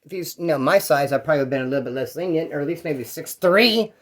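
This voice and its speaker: A man with a notably high voice tells a prison story in loose, casual fashion. His talk rambles along in slang and cursing. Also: fast. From California.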